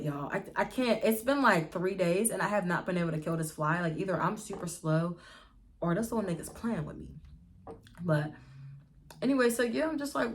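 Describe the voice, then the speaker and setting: In a casual storytime vlog filmed at home, a young Pittsburgh-area woman speaks in a mid-range voice with a little hiss or hum on the recording. She's lively, swears freely, and calls her viewers y'all.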